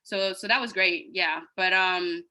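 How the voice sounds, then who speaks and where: Non-native English-speaking woman panelist, bright tone, hesitant. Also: on the low side, steady tone, a little slow, rough recording. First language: not English. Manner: soft-spoken, hesitant, many fillers. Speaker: panelist, college alum. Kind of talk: casual personal account. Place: video call.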